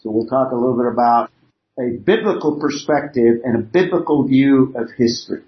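A man's voice: medium pitch, fairly quick. A man teaching a Bible class, explaining points step by step from an outline on slides. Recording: roomy, dull lo-fi classroom recording.

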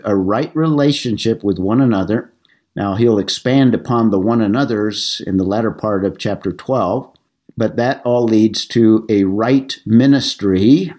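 A middle-aged man teaching a Bible study class, explaining passages in a measured way with some halting restarts. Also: mid-range voice, darkish tone.

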